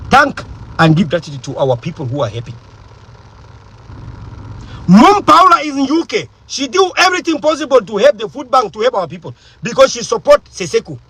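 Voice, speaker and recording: Woman activist, bright husky tone, emphatic rhetorical delivery. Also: on the high side, no echo, low-quality recording. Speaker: political activist. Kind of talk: impassioned political monologue.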